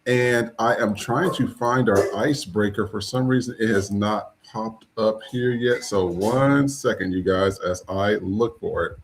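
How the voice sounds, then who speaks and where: A man's voice: fairly low pitch, a little slow, hardly any pauses, a little hiss or hum, rough recording. A man hosting a live podcast, chatting casually with many fillers and restarts. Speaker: podcast host. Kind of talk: casual live-stream chat.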